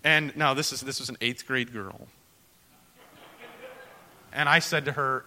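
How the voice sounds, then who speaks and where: A man preaching to fellow pastors in an earnest, storytelling manner, swinging from loud emphasis to quiet confession. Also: mid-range voice, fairly even intonation, a little slow, pauses often, big-room sound. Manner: earnest, storytelling, rises loud for emphasis then drops soft. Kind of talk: sermon to pastors.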